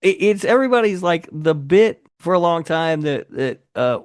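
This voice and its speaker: A man co-hosting a podcast who cracks dry, deadpan jokes in casual banter. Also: on the high side, normal speed, smooth, no echo. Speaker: podcast co-host.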